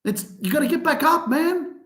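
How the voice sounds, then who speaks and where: A man's voice: very high-pitched, moderate pace, roomy sound. A man hosting a podcast, giving an emphatic motivational rant full of swearing. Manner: animated, heavy swearing, emphatic. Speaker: podcast host.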